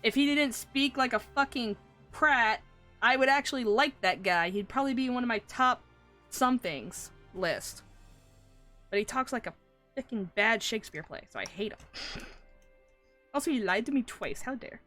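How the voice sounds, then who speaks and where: Woman streamer gabbing about a game, kinda high voice, lots of swearing, faint music behind. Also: normal speed, long pauses. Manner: animated, swears, laughs often. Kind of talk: casual live-stream chat.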